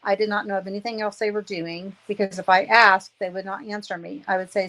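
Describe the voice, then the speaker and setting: A woman's voice: mid-range voice, fairly even intonation, fairly quick, hardly any pauses, sharp tone, rough recording. A woman in her fifties giving an emotional personal testimony, aggrieved and earnest, repeating phrases for emphasis. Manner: aggrieved, indignant.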